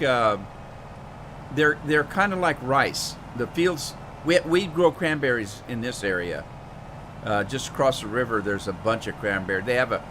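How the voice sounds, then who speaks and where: A man's voice: medium pitch, noisy background. A man casually chatting with his live stream viewers while playing a farming game, rambling with lots of fillers and asides to chat. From Pacific Northwest of the United States.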